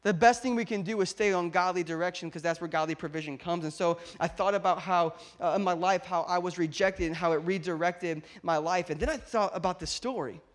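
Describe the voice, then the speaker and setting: A man preaching a sermon, building to loud emphatic peaks and acting out Bible dialogue. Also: sits high, a little fast, hardly any pauses. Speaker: pastor.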